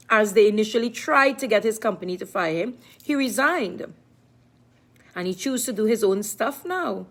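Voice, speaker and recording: In a voice that sits a little high, a middle-aged live-stream vlogger chats casually with her audience. Her delivery is emphatic and repetitive, and she frequently speaks about herself in the third person.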